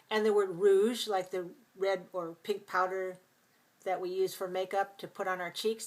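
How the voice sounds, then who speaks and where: A woman teaching English pronunciation in a live class, patiently explaining sounds step by step and repeating words slowly. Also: medium pitch, steady tone.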